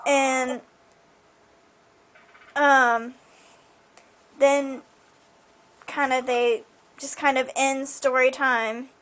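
A high-voiced woman talks through a TV episode in a loose, rambling recap. She fills her sentences with "like" and "um" as she goes. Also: little pitch movement, drawn-out words, pauses often, a bit bright. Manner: chatty, full of fillers like "like" and "um". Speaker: show recapper.

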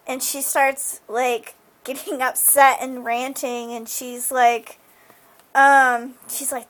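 A woman's voice: high-pitched, flat delivery, slow pace, a bit bright. A woman casually recapping a TV episode, chatty and full of fillers like "like" and "um". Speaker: show recapper.

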